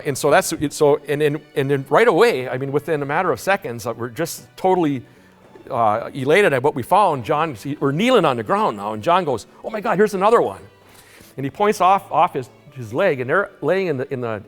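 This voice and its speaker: A man giving a conference talk, telling a story in an animated way, halting often with restarts and repeated words. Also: medium pitch. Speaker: conference presenter. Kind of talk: storytelling lecture. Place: conference hall. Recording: long hall reverb, faint music.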